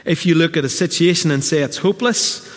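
Man preaching in a reverberant church hall. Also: fairly high pitch. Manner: conversational preaching, with quick quoted asides. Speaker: pastor. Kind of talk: sermon.

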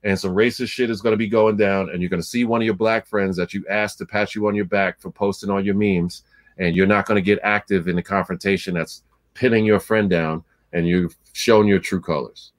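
A man's voice: low-pitched, steady tone, fairly quick. A man in casual chat, telling a story bluntly and with profanity, acting out both sides of a conversation.

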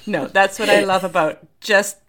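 A woman's voice: medium pitch, fairly even intonation, moderate pace, fairly bright tone. A woman co-hosting a podcast in casual chat, rambling, giggly and self-deprecating. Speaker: podcast co-host.

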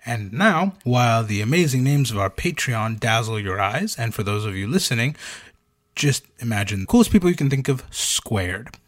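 A man's voice: medium pitch, big pitch swings, normal speed. A man hosting a casual podcast, telling stories with jokes and many fillers. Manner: joking, storytelling, many fillers. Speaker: podcast host.

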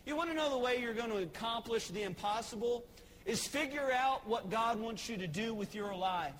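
A man's voice: very high voice, moderate pace, a bit bright, in a large hall, a little hiss or hum, poor audio. A man preaching a sermon with passion, stammering and repeating words as he builds his points. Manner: impassioned, repeats words, voices characters in a Bible story. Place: church.

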